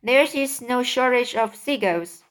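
A woman voicing a young boy who calmly explains his plan in a storybook reading. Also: a little high, measured pace. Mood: determined. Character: young boy, calm and determined.

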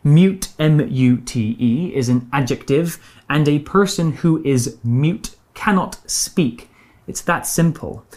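A woman with a British accent teaching English words, explaining each one slowly and clearly with example sentences. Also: sits low, a little mellow. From Britain. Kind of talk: bilingual radio English lesson.

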